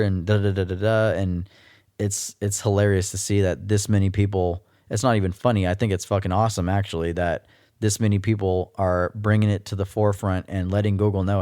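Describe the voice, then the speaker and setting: Deep-voiced man ranting with heavy profanity. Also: little pitch movement, brisk, warm tone, no echo, studio quality. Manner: profane, blunt, heated ranting. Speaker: podcast host. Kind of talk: casual solo podcast rant.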